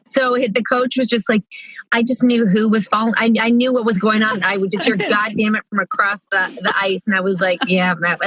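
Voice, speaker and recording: A woman guest on a podcast, a mother telling lively stories about her kids and acting out their voices. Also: medium pitch, brisk, no echo. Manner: animated, acts out her kids' voices. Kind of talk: casual storytelling chat.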